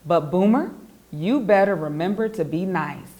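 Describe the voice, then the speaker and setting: A woman voicing a gentle but firm mother dog in a storybook, speaking with calm, kindly warnings. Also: lowish voice, normal speed, close to an everyday voice.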